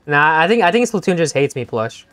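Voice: mid-range voice, big pitch swings, fairly quick, fairly bright tone, dry recording, faint music behind. A young-adult game streamer chatting playfully with viewers during a live session, laughing often and teasing the chat.

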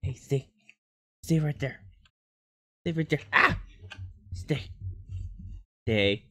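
A woman game streamer talking casually to her viewers while playfully scolding an excited dog in a sing-song voice. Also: low voice, slow. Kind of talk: casual stream chat with pet.

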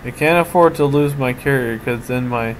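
A man at a middle pitch talks through his moves in a strategy game, thinking aloud and restarting his sentences. A steady hum of background noise runs under his voice. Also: normal speed, poor audio. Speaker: let's play commentator. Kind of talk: casual strategy game commentary.

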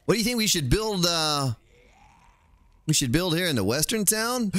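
Animated male game streamer. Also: sits high, normal speed, long pauses. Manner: playful, jokey, talks to chat and the game. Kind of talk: casual gameplay commentary.

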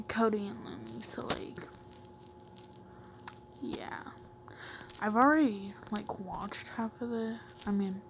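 A woman with a medium-pitched voice chats casually as a new YouTuber in a comic-reading vlog. She rambles, uses lots of fillers, and often drops to a half-whisper. Heavy background noise runs under the recording.

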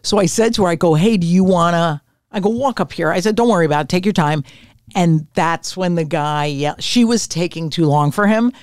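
A woman in her sixties, a retired comedian and podcast guest, telling stories in a brash, profane, animated way. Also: lowish voice, a little fast, no echo, clean studio sound. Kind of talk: casual storytelling. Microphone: podcast mic on camera.

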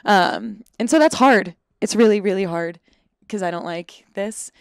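A woman's voice: medium pitch, unhurried, smooth, no room sound, studio quality. A young adult woman, a podcast guest, chatting casually and playfully, laughing often. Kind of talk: casual chat.

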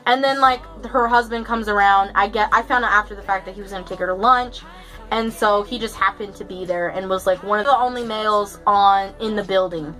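Bright-voiced young woman telling a story. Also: medium pitch, fairly quick, low-quality recording. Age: young adult. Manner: chatty, profane, filler-heavy storytelling. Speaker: vlogger. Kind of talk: casual storytime.

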